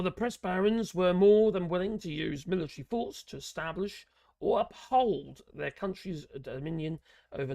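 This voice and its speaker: A man hosting a political channel, reading an article aloud in a halting way with many fillers and adding sarcastic asides. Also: high-pitched, darkish tone, dry recording.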